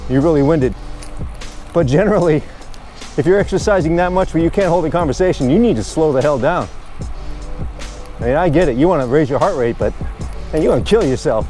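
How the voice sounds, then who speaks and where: A chatty man talks as he cycles along a path outside, his voice sitting a bit high. He rambles in a relaxed, good-humored way, and soft music plays faintly beneath him. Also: brisk, long pauses. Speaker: vlogger. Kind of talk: casual narration while cycling. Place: outdoors on a bike path.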